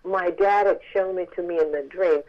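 A woman author telling a story in a phone interview, lively and acting out the voices of the people she quotes. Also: lowish voice, normal speed, muffled recording.

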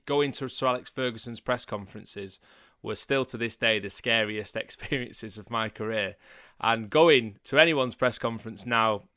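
Man, podcast host, measured presenting, bright tone, dry sound. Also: medium pitch, smooth, no echo. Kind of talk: podcast chat.

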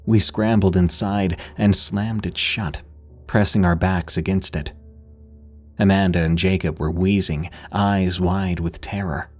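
A man reading a scripted horror story in a measured, suspenseful way. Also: sits low, steady tone, darkish tone, faint music behind.

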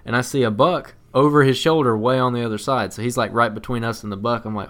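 A man co-hosting a podcast, telling a story in casual chat in a rambling, animated way with frequent laughs. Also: medium pitch, fast. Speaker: podcast co-host.

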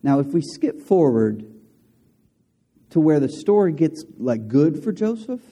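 Here a pastor with a voice on the high side, pacing himself a little slowly, preaches to his congregation. He relates a story in a lively, conversational style, with asides aimed at his audience.

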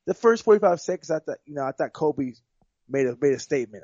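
Fighter guest, male, rambling and repeating himself, slightly high voice, dull dry recording. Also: expressive, fast talker, a little mellow, no echo. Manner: rambling, repeats words and restarts. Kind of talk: casual sports chat.

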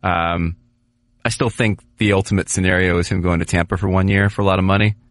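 A man co-hosting a sports podcast, talking casually and at length with lots of restarts and animated asides. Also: low-pitched, a little fast, no echo. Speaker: podcast co-host, hockey writer.

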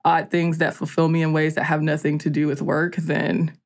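Woman, from the US South, podcast guest, casual rambling chat, lowish voice. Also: level tone, normal speed. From US South, Georgia. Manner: rambling, many "like" fillers. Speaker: guest storyteller.

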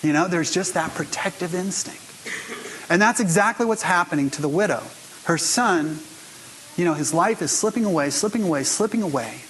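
Fairly high-voiced man preaching. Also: fairly bright tone, a little hiss or hum, poor audio. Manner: conversational storytelling, speaking straight to the congregation. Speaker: pastor. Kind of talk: sermon.

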